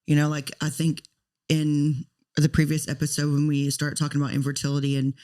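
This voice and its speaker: In her thirties, this podcast co-host speaks in a low, monotone, brisk voice that still carries warmth. She tells a personal story in an earnest, talkative way.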